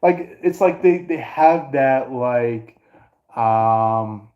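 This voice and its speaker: Slow, rambling man reading the stars. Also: medium pitch, highs cut off. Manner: rambling, many fillers and restarts. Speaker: astrology and tarot reader. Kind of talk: casual reading to camera.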